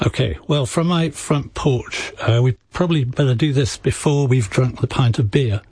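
A man from England, an author guest on a radio show, describing things in a measured, storytelling way. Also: mid-range voice, darkish tone, slightly rough, no room sound. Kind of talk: conversational radio interview.

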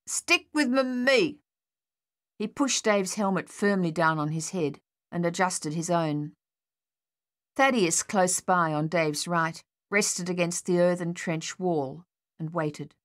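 A woman with a lowish voice narrates an audiobook, reading from a script in a measured, steady storytelling style.

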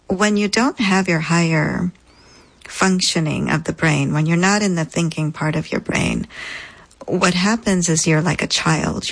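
A woman guest in an interview, recounting a personal experience in a measured, deliberate way with frequent pauses. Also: low-pitched, creaky, poor audio. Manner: measured, deliberate, pausing often. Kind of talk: reflective personal storytelling.

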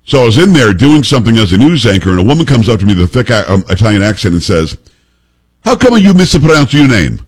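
A middle-aged man hosting a talk radio show, telling stories in a joking, animated way. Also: on the low side, breathy edge. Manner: animated storyteller, fast and joking. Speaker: radio host. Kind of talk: casual talk radio banter.

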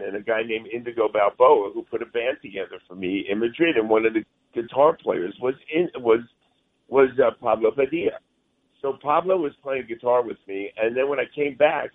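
A male musician being interviewed, talking in a rambling, friendly way, heard over a phone line. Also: on the low side. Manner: rambling, friendly, says "man" often. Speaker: guest musician.

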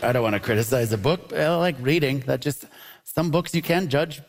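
A man hosting a live comedy panel show, upbeat and punny, quick to laugh at his own jokes. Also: mid-range voice. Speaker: game show host. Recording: noisy live audience recording. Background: audience laughter.

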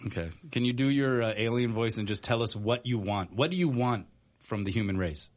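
A man's voice: mid-range voice, a little fast. A man hosting a sports radio talk show, chatting casually and laughing often. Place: radio studio.

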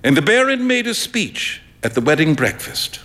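A man's voice: on the high side, normal speed, in a large hall. Theatrical man reading a story live. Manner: expressive, theatrical. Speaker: performer reading a short story.

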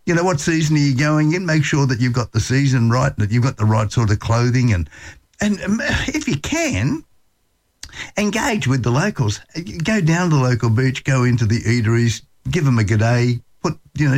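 A man's voice: on the low side, a little mellow. A man with an Australian accent hosting a radio show, giving travel tips in a chatty, folksy way and often repeating words. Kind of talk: casual radio advice talk.

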